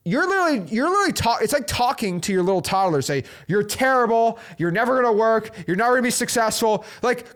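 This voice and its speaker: Male host, higher voice with big swings in pitch, gives a preachy pep talk and keeps asking "okay?". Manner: animated, preachy, full of "like" and "okay?". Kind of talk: motivational business talk.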